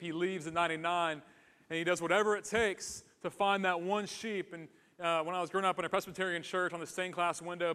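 High-ish voiced guy preaching, chatty and earnest, big echoey sanctuary. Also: fairly bright tone. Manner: earnest, conversational, with restarts and humor. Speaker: pastor. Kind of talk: sermon.

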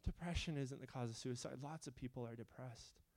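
A man preaching a sermon, moving between quiet questioning and loud, fervent appeals. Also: mid-range voice, a little fast.

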